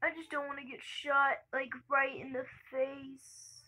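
Bright-voiced excitable young woman gamer. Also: sits high, measured pace, poor audio. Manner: excitable, chatty, laughs and shrieks often. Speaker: gaming channel host. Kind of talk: casual gameplay commentary.

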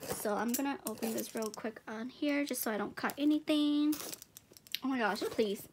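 A woman's voice: a little high, normal speed, background noise. A young woman gushing and giggling as she unboxes gifts in a casual vlog.

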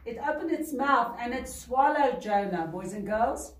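A woman's voice: a little high, lively intonation, measured pace, far from the mic, slight background noise. A woman telling a Bible story to preschool children, speaking straight to them and asking them questions along the way. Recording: roomy echo, voice set back from mic.

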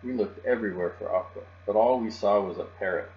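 Man reading a kids' storybook, mid-pitched, soft and even; dull lo-fi recording, faint hum. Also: fairly quick. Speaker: storybook reader. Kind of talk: reading a picture book aloud.

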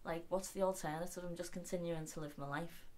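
A woman delivers spoken word poetry with a dry, deadpan wit, her lines blunt and unsentimental. Her voice sits a little low for a woman, and she lets the jokes land flat. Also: fairly quick. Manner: wry, blunt, deadpan humour. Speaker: poet.

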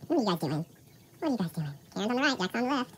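A woman's voice: mid-range voice, very animated, very fast, a little hiss or hum. A woman filming her cats at home, cooing at them in repetitive baby talk. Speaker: cat owner filming her pets. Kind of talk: casual home video, baby talk to pets.

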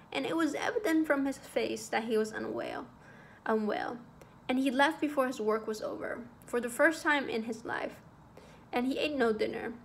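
A woman with a high voice reads a classic short story aloud. Her narration is measured and expressive, with a faint hiss of noise beneath it. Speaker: audiobook reader.

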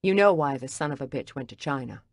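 A woman's voice: a bass voice, expressive, quick pace, no room sound, studio quality, full character voice. A woman reading an audiobook, voicing a hurt, angry man who speaks in a brusque, cutting way. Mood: arguing. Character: angry wounded man arguing with his ex.

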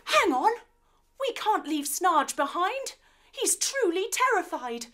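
A woman's voice: very high-pitched, very animated, takes it slowly, fairly bright tone, soft background music, voice pushed up, heavily acted. A woman voicing a brave, earnest male space monkey hero in a kids' yoga story. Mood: determined.

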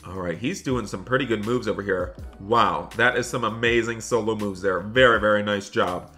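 A man hosting a gaming channel, talking excitedly to viewers while role-playing a school day in a game. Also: fairly low pitch, moderate pace, soft background music. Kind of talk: Roblox role-play commentary.

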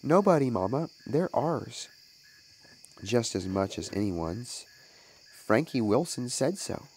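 A man's voice: mid-range voice, big pitch swings, slow pace, darkish tone, husky, heavily acted, low-quality recording. A man voicing a small guilty boy who stammers and pleads to defend himself. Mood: pleading. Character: small guilty boy caught with stolen apples.

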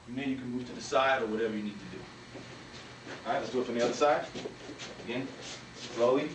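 Male martial arts instructor, mid-pitch, demo narration, echoey hall, off-mic. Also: fast, very noisy. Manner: talks while demonstrating moves, punctuated with "bam" and "boom". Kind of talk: demonstration walkthrough. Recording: echoey room, from a distance.

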